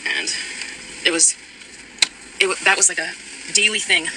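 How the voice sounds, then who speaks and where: A woman's voice: fairly low pitch, steady tone, moderate pace. A woman recounting a personal account in a voice note, hesitant, with many ums and restarts. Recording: voice note with loud background noise.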